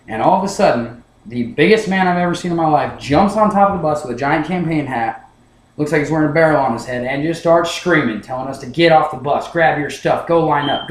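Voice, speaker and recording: A man's voice: on the high side, reverberant, low-quality recording. A young man giving a class speech, telling a personal story, often repeating words as he restarts his sentences. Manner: storytelling with many restarts, acts out his past self. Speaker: student speaker.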